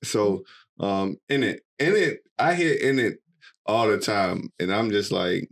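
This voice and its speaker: A man hosts a casual podcast, quizzing his guest with playful curiosity. His voice is on the low side and lively in mood, often breaking into laughter. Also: unhurried, vocal fry. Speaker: podcast host.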